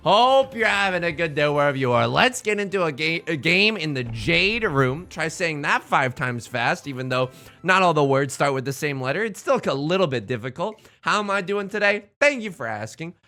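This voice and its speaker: A man's voice: on the high side, animated, normal speed, sharp tone. A man hosting a gaming video, chatting casually with joking, rambling asides, his voice a bit strained. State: voice strained from singing. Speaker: let's play host.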